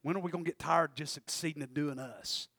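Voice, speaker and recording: A male pastor preaching an impassioned sermon in a church, swinging from shouts to hushed asides. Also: on the high side, fast talker, no room sound, studio quality. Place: church sanctuary.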